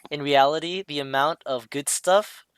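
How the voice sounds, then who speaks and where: A man's voice: fairly high pitch, normal speed, fairly bright tone, clear, resonant tone, dry recording. A man talking casually over a drawing, hesitant, with many fillers and restarts. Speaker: streamer explaining a drawing.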